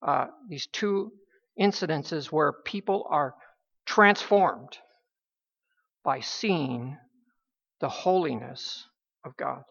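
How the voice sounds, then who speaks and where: A woman preaching a sermon in a halting, emphatic way, with many restarts. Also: low voice, expressive, vocal fry. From United States. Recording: dull lo-fi recording.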